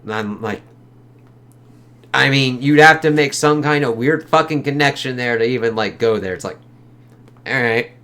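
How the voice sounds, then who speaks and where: A man's voice: medium pitch, moderate pace, pauses often, sharp tone. A man reviewing a comic book in a loose, rambling way, full of fillers and swearing, who reads dialogue aloud between his comments. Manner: rambling, filler-heavy, profane. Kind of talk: casual spoken review.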